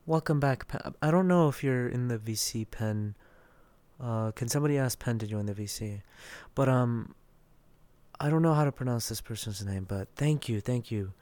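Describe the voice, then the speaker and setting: A man's voice: mid-range voice, moderate pace, darkish tone, dry recording. A young man from Texas hosting a casual voice chat, reading out and answering listener messages. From Dallas, Texas. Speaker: voice chat host.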